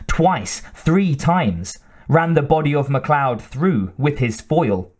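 A man reading an audiobook aloud in expressive, measured narration. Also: mid-range voice. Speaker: audiobook reader. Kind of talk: scripted narration.

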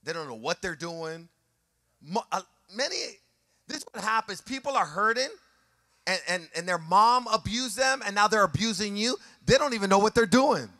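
Male pastor, high and bright voice, fervent sermon delivery that swings into sing-song preaching, heavy on repetition. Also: lively intonation, moderate pace, no echo, studio quality. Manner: impassioned, rising into a sung preaching cadence; repeats phrases for emphasis.

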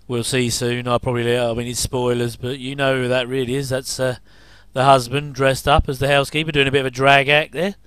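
Middle-aged man, casual watch-along commentator, smooth and close-miked. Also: mid-range voice, flat delivery, fairly quick, hardly any pauses, fairly bright tone, no room sound. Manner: chatty, jokey asides with chuckles. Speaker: commentary host.

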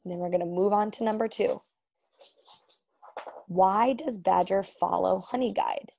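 A woman teacher reads a storybook aloud, using lively sound words, and then works through quiz questions with her students. Her mid-range voice is gravelly and a little slow.

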